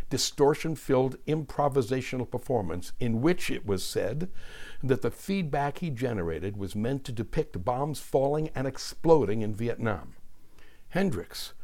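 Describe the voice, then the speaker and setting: A man giving scripted narration in a deliberate, wry manner with dry asides. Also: medium pitch, a little mellow.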